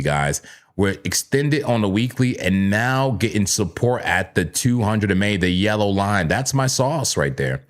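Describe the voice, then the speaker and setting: Animated man hosting a live trading stream. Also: low-pitched. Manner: animated, jokey, talks to himself and yells playfully. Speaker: crypto trading livestream host. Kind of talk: live chart analysis chat. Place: home trading room full of screens.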